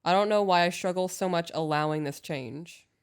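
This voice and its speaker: Casting note: woman, podcast co-host, calm email reader, lower voice. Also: normal speed, clear, resonant tone. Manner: calm, agreeable, reads listener emails aloud. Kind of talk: casual advice chat.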